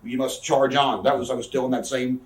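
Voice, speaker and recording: A man in his thirties with a mid-range voice and little pitch movement, heard from a distance. As a guest in a shoot interview, he tells profane stories rapidly and casually, acting out what other people said. The recording has a roomy echo, with him off-mic.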